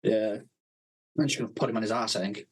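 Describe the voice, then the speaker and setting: A man's voice: lowish voice, fairly even intonation, quick pace, slightly rough, poor audio. A man co-hosting a podcast, telling rambling work stories in casual chat and swearing constantly with a blunt, brash manner. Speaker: podcast co-host.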